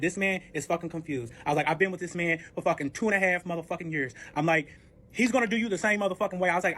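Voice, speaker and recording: In a casual storytime, a male guest dramatically recounts a story about cheating, swearing and performing the arguments line by line. He has a high, slightly bright voice.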